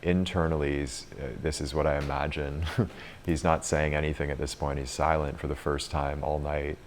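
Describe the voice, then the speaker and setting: A man's voice: rumbling low, level tone, moderate pace, a little hiss or hum. A man in his thirties leading a retreat group, telling a story in a chatty way and laughing often. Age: 30s. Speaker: retreat leader and coach.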